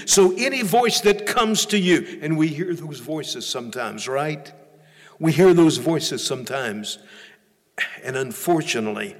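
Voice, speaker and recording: A man's voice: on the high side, in a large hall. A male pastor preaching a sermon in a church, emphatic, often repeating and restarting phrases.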